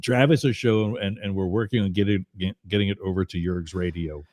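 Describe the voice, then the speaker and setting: A man's voice: low-pitched, steady tone, brisk, a little mellow, dry recording, clean studio sound. A man hosting a political talk show, teasing his co-hosts and calling out to viewers in the chat. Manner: teasing, jokey asides to the chat. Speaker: host.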